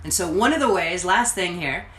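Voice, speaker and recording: A woman with a fairly low voice talks straight to her viewers, earnest and reflective, like a coach. The room around her rings a little, with a faint hum of noise underneath. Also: animated, normal speed, roomy sound, poor audio. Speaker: host, coach. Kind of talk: motivational talk to camera. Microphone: livestreamed to social media.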